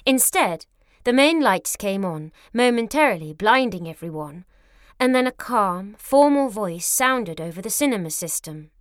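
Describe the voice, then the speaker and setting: A woman narrating an audiobook in a measured, clear storytelling manner. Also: mid-range voice, dry recording, clean studio sound.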